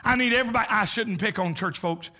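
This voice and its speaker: A middle-aged man preaching a sermon as a visiting preacher, with whoops and shouts that drop to near whispers. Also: high-pitched, fast talker.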